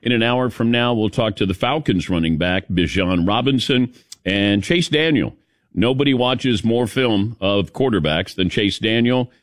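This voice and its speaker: A man's voice: fairly low pitch, normal speed, dry recording, clean studio sound. A middle-aged man hosting a morning sports radio show, chatting casually and jokingly calling on his crew by name. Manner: lively, jokey, calls on crew by name. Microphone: studio microphone.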